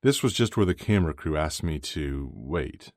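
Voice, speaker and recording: A man doing an eager, earnest young hockey player in an audiobook. The voice comes from a very deep base but lifts a little and sounds sincere and open. The sound is dry and close. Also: animated, moderate pace, no echo. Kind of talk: audiobook character voice.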